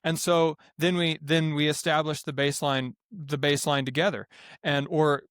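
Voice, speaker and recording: A man with a fairly high voice talks through how his greenhouse farm runs, restarting his sentences and going lively when he acts out what others say. The sound is dry and close, with no room around it. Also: moderate pace, clean tone, no echo. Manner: rambling, many restarts, animated when quoting others. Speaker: greenhouse farm owner, guest. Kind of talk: casual podcast interview.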